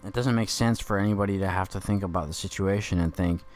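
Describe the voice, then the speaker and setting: Speaking fast in a low, slightly mellow, fairly everyday voice, a man plays an angry Dick Grayson in a comedic podcast monologue. He rambles, swears and rants indignantly.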